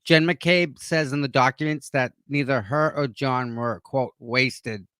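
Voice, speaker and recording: A man's voice: medium pitch, a little slow, a bit bright, clear, resonant tone, dry recording, studio quality. A man agreeing emphatically in a casual discussion.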